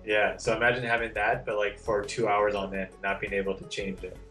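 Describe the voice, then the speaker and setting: A man speaks as a podcast guest in relaxed conversation, his voice sitting a little low. He talks candidly and rambles, filling his sentences with "like" as he goes. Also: fairly quick, recorded from a distance, faint music behind. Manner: candid and rambling, heavy with "like" fillers. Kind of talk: casual chat.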